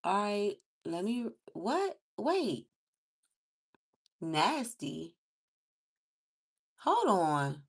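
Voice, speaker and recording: A woman vlogger in casual chat, animated and exclaiming, laughing often as she talks. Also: mid-range voice, extremely slow, long pauses, slightly rough. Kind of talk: casual chat with read-aloud lyrics.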